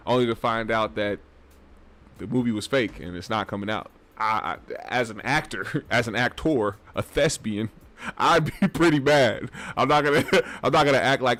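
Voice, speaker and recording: A man's voice: medium pitch, normal speed, fairly bright tone. A man hosting a casual commentary show, talking in a loose, rambling and profane way. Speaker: host.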